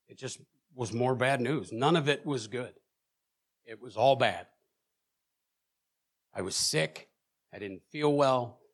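Man preaching a heartfelt testimony. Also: mid-range voice. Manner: emotional storytelling, swings between loud and hushed, repeats words when stirred. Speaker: preacher sharing a personal testimony. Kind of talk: sermon testimony. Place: church.

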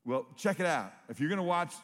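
A man's voice: a little high, lively intonation, fairly quick, a bit bright, in a large hall. A man preaching a sermon, telling stories with rising emphasis. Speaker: pastor.

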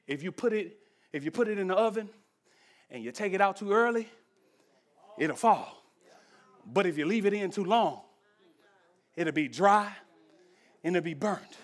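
A man preaching a sermon as pastor, speaking in rhythmic repeated phrases that rise to shouts and then drop to a soft, hushed prayer. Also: sits high, expressive, measured pace, pauses often.

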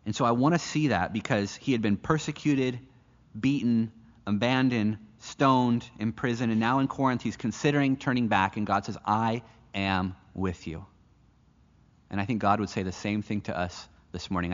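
A man's voice: on the low side, normal speed. A man from the United States preaching a sermon, telling a personal story in an earnest way and often restarting his phrases. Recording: echoey hall, dull lo-fi sound.

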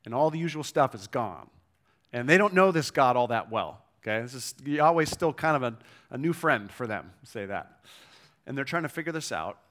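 A pastor preaching a sermon in a conversational way, checking in with the listeners and reading scripture aloud with emphasis. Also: male voice, mid-range voice, very animated, normal speed, a bit bright. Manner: conversational preaching with frequent "right?" and "okay?" check-ins.

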